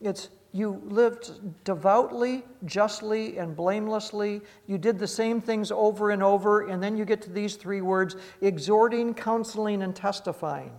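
A man's voice: high-pitched, measured pace, hardly any pauses, darkish tone, in a large hall. A man preaching a sermon as a pastor, reading scripture aloud and then explaining it in plain conversational asides.

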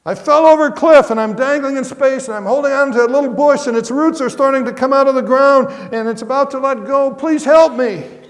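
A man acting out a terrified male tourist hanging from a cliff, shouting and pleading for help. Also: very high voice, brisk, voice pushed up. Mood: panicked. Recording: echoey hall reverb.

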